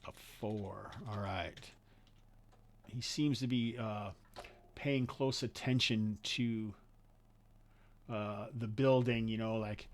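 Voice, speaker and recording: A man narrating as game master of a tabletop game, thinking aloud with frequent pauses and fillers. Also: on the low side, fairly even intonation.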